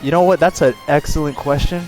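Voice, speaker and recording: A man's voice: fairly high pitch, fairly even intonation, brisk, a little mellow, faint music behind, low-quality recording. A man doing casual, joking commentary on a fighting game tournament, bantering with his co-commentator. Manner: joking, laid-back banter with trailing asides. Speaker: esports commentator.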